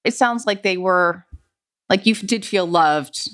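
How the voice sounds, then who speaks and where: A woman's voice: medium pitch, a little slow, a bit bright. A woman hosting an interview podcast, asking short follow-up questions and reacting. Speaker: podcast host.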